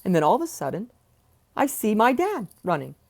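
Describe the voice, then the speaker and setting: A man's voice: sits high, wildly swooping pitch, brisk, creaky, darkish tone. A man sits at home with headphones on and tells a family story straight into a close mic. He talks with heated indignation, firing off rhetorical questions, stumbling into repeats and swearing as he goes. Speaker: vlogger telling a family story. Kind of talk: agitated personal storytelling. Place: at home, seated in a chair. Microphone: wearing headphones, close mic.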